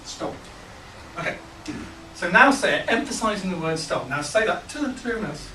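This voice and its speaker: A man leading a songwriting workshop for a small group, talking in a relaxed, halting way with plenty of ums and restarts. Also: high-pitched, recorded from a distance. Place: large hall with a small group. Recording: echoey room, picked up from afar, noisy.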